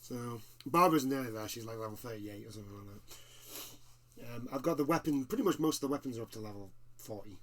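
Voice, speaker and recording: A man co-hosting a casual gaming chat, excitable and swearing casually. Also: mid-range voice, fast. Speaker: co-host.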